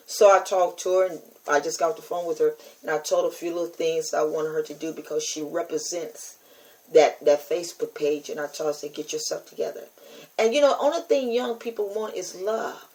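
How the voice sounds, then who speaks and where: A woman's voice: on the low side, fairly even intonation, moderate pace, a little mellow, low-quality recording. An older woman hosting her own podcast, talking straight to listeners in an emphatic, repetitive, testifying way. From United States. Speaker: podcast host and preacher. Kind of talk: casual spoken monologue to listeners.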